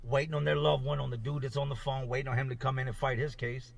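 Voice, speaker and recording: A gravelly, husky man tells a rambling story in a casual, animated way. His voice sits a little high and sounds set back from the microphone, as if it is playing from a clip. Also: quick pace, far from the mic. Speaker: former inmate telling a jail story.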